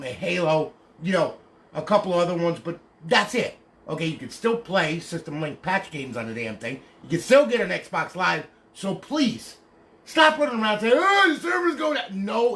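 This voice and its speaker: A man with a fairly high, creaky, slightly bright voice sells and demonstrates modded consoles on a casual livestream. He talks bluntly, rants, swears casually, and asks "okay?" after nearly every point.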